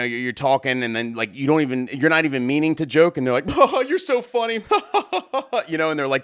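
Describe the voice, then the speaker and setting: A young adult man, a wedding DJ hosting his own show, tells a story casually, with a rambling, excitable delivery full of fillers and swearing. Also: medium pitch, no echo, studio quality.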